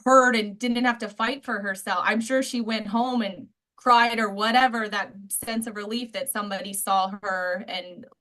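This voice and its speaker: A woman's voice: mid-range voice, fairly even intonation, normal speed, few pauses, bright, forceful tone. A woman from the United States hosting a podcast interview, chatty and conversational, often tossing in "like" and "right?". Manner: chatty, frequent "like" and "right?" asides. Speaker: podcast host. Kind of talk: casual interview chat.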